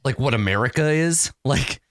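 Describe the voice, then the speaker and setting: A man's voice: medium pitch, expressive, normal speed, no room sound, clean studio sound. A man narrating a tabletop game as game master, hesitant with frequent restarts. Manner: hesitant, full of restarts and fillers.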